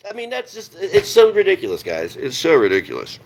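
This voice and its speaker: A man's voice: mid-range voice, huge pitch swings, a little fast, creaky, slight background noise. A man ranting on a live stream, heated and sarcastic, swearing constantly and answering his chat. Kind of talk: profane live-stream rant.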